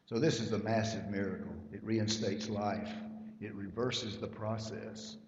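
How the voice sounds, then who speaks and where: A man's voice: on the low side, steady tone, unhurried, noisy background. A man preaching a sermon, emphatic and rising in volume at key points. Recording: lo-fi hall recording with long reverb.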